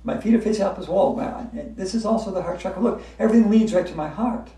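A female instructor guides a laughter-yoga class in a hotel room, her mid-range, dark-toned voice moving at a quick pace. She's cheerful, chanting repeated breathing cues amid bursts of laughter, and sounds distant in the echoey space.

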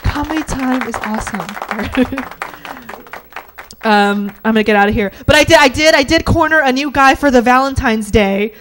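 A woman's voice: sits high, normal speed, noisy background. A young woman performing a stand-up comedy set on a club stage, punchy and teasing, constantly checking in with the crowd.

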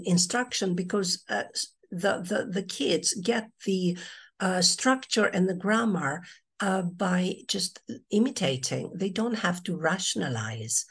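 A woman presenting an online teaching webinar on storytelling, speaking expressively with frequent hesitations. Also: mid-range voice. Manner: hesitant with fillers, expressive and animated.

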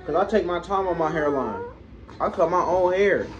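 A man's voice: sits high, lively intonation, moderate pace. A young man, the boyfriend in a prank, talking casually in an indignant, repetitive, rambling way. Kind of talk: casual chat. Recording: dull lo-fi sound with clear background noise.

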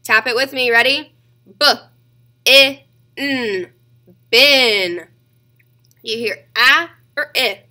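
A woman teaching a kindergarten reading lesson, sounding out letters slowly and clearly. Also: a little high, bright, forceful tone.

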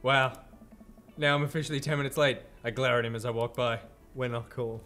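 A man's voice: medium pitch, fairly even intonation, brisk, pushed and bright, faint music behind. A man hosting a let's play, reading game text aloud and joking with a co-host. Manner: playful, jokey, laughs easily.

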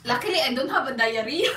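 A woman's voice: on the high side, a bit bright, distant mic, slight background noise. A woman vlogger chatting casually to her viewers, rambling and candid with frequent exclamations. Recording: echoey room, voice off-mic.

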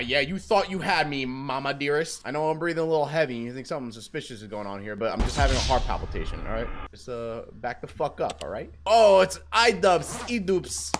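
A young man doing playful let's play commentary, joking loudly, dropping to whispers and jumping to yelps. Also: mid-range voice, big pitch swings, a little fast. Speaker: gaming YouTuber. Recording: noisy background, mouse clicks.

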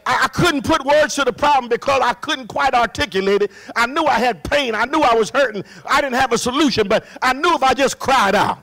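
A man pastor preaching a sermon in church, building from talk to shouted, singsong passages. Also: very high-pitched, lively intonation, fast talker, vocal fry, hardly any pauses. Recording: live church recording.

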